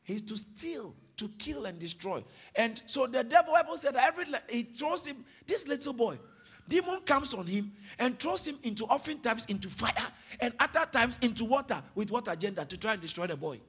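A man preaching a sermon to a congregation, swinging from soft explanation to loud calls for the crowd to read aloud. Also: very high voice, big pitch swings, a little fast, husky. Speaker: pastor. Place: church hall with congregation.

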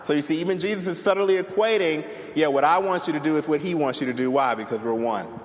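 A male pastor preaching a sermon to a congregation, telling stories in an animated way and clapping as he talks. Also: on the high side, fast talker. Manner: animated storytelling, claps while preaching. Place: church sanctuary before a congregation. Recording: long hall reverb, faint noise.

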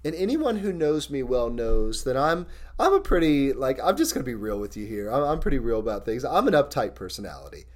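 A male pastor preaching a sermon in an earnest, candid, personal way, reading scripture slowly and deliberately. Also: medium pitch, huge pitch swings.

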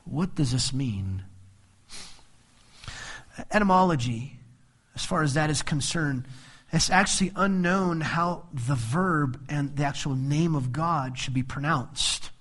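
A man's voice: fairly high pitch, a bit bright. A man preaching a sermon on a Bible passage, who explains each verse and acts out the quoted voices with humor. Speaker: pastor.

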